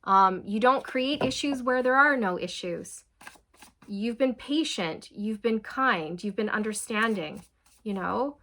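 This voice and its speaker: A woman's voice: a little high, animated, unhurried. A woman giving a channeled tarot reading to viewers, talking in a repetitive way with frequent "okay" and laughter. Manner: warm, repetitive, addresses viewers as you guys; often laughs and says okay. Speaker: tarot reader.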